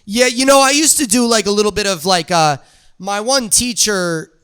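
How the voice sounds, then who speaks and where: A man's voice: sits high, normal speed, fairly bright tone, clean tone. A young man co-hosting a casual podcast, chatting loosely and slipping into goofy put-on accents. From New Jersey area, Italian-American. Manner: goofy, jumps into exaggerated joke accents. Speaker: podcast co-host. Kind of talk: casual chat doing joke accents.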